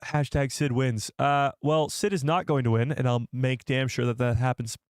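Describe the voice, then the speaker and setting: A man's voice: mid-range voice, steady tone, normal speed, clear, resonant tone, no room sound, studio quality. A man casually hosting a live stream, chatty and rambling, often correcting himself mid-sentence. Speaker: host of a live show.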